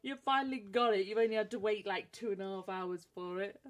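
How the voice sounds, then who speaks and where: A woman's voice: medium pitch, fairly quick. A British woman co-hosting a radio show, teasing her co-host and laughing often. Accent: British English. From England. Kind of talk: playful banter on a podcast radio show.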